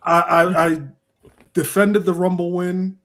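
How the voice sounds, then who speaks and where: A man's voice: high voice, little pitch movement, takes it slowly, a bit bright. A young man co-hosting a casual podcast, complaining bluntly and with lots of profanity. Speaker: podcast co-host.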